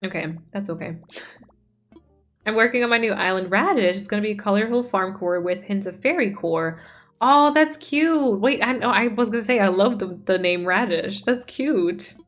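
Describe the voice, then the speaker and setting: A woman's voice: mid-range voice, moderate pace, faint music behind. A woman streamer chatting casually as she plays, reading out chat messages and gushing over the game. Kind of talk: casual chat while gaming.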